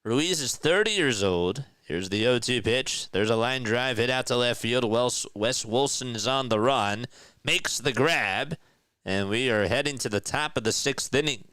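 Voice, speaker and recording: A man streaming live play-by-play of a ball game, chatting with viewers between pitches and getting excited on big hits. He sounds tired and yawns now and then. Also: a little slow, no room sound. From South Jersey, US. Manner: chatty, reads viewer comments aloud, rises to excited calls on big plays. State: tired, yawning. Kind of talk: live fan play-by-play with chat reading.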